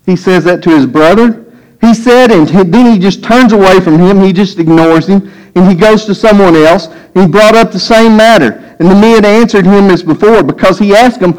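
A man's voice: sits high, moderate pace, a little mellow, rough recording. A man preaching a sermon, telling a scripture story and acting out the voices with rising emphasis. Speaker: pastor.

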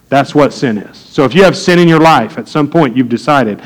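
A man's voice: mid-range voice, normal speed, few pauses, low-quality recording. A man preaching a sermon from the pulpit in a conversational way, with frequent fillers and light jokes to the congregation. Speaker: pastor.

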